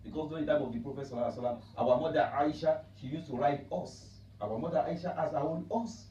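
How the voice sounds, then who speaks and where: A man's voice: high voice, mellow. A man giving a Friday sermon in a mosque, preaching emphatically with repeated rhetorical lines. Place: mosque prayer hall. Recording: echoey, distant, dull hall recording.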